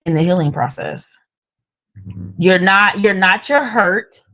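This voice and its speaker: Loud, animated woman co-host. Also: fairly low pitch, takes it slowly, rough recording. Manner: loud, animated, laughs easily. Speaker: podcast co-host. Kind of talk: casual faith-based chat.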